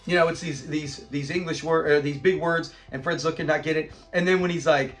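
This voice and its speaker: A man's voice: fairly high pitch, fairly even intonation, a little fast, fairly bright tone, faint music behind. A middle-aged man casually reviewing a sitcom episode, retelling scenes with laughter. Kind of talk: casual commentary.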